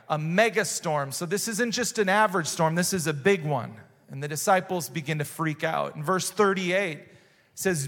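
A man with a high voice delivers a sermon, bringing the scene to life with dramatic voiced exclamations. His words ring out with a long reverb from a large church hall. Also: a bit bright. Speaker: pastor.

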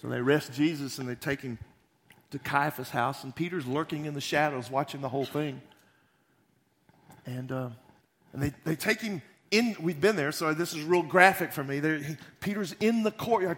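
Pastor guy telling a bible story loose and jokey, slightly high voice. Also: moderate pace. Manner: animated, folksy storytelling with asides. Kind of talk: sermon.

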